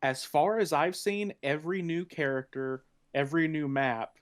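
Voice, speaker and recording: A man's voice: a little high, normal speed, smooth. Chatty man on a podcast. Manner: chatty, laughs often, many restarts. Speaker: podcast panelist. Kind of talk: casual podcast chat.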